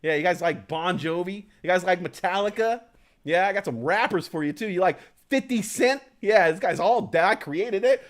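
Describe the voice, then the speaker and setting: A man's voice: sits high, expressive, moderate pace. A man doing a cocky, swaggering Satan. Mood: boastful. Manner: cocky, swaggering, swears a lot. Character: boastful brash male Satan, bragging.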